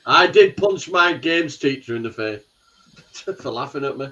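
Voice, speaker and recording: A man's voice: mid-range voice, animated, normal speed, bright, forceful tone. A man chatting casually as a guest on a live stream, swearing and laughing as he tells a story. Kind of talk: casual chat. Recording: dull lo-fi sound.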